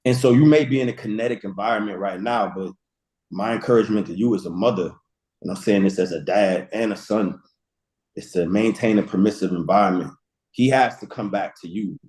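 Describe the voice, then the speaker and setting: A man in his forties, a guest speaker, telling lively stories with casual slang and acted-out quotes. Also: on the low side, a little fast, roomy sound, poor audio. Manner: storytelling with slang, acts out quotes. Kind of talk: animated motivational talk.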